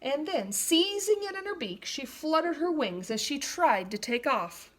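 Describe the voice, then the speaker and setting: A woman reading a children's story aloud in an expressive, animated way. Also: sits high, a little slow.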